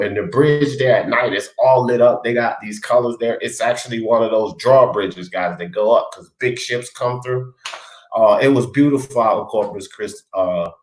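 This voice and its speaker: A man hosting a casual talk stream, rambling as he reads viewers' comments aloud and speaks to them by name. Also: lowish voice. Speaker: livestream host reading chat. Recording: echoey room.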